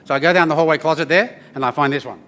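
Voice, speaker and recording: A man, telling stories and teaching didgeridoo to a live audience in a lively, joking way, checking in with the crowd. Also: a little high, racing, slight background noise. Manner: lively, joking, addresses the crowd with "yeah?" tags. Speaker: didgeridoo performer. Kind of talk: storytelling performance to an audience. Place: event venue with an audience.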